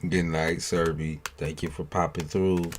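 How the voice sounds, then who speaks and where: A man's voice: low voice, little pitch movement, measured pace, a little hiss or hum. A man hosting a late-night tarot live stream, chatting loosely with viewers by name, swearing freely and joking, sounding tired.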